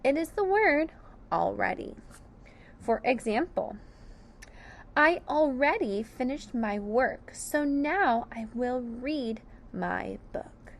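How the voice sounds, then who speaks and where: A woman teacher slowly sounding out sight words, syllable by syllable, for young children. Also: high-pitched, lively intonation. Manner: clear, deliberate sounding out of each letter. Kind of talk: slow phonics lesson.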